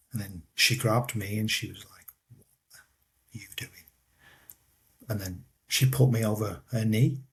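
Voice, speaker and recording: A man, telling his own life story in an interview, halting and repeating himself, often trailing off quietly. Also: mid-range voice. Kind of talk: personal storytelling in a podcast interview.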